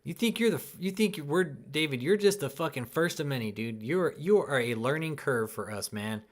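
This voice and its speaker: A young channel host rants furiously on a live stream, swearing heavily and ending his lines with "dude" and "man." His voice is a little high and expressive, moving at a normal speed.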